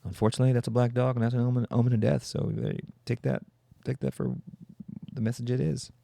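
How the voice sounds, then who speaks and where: Man, podcast host, irreverent joking, gravelly, dark tone, dry close sound. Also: medium pitch, level tone, dry recording. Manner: irreverent, joking, quick asides. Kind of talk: comedic solo podcast.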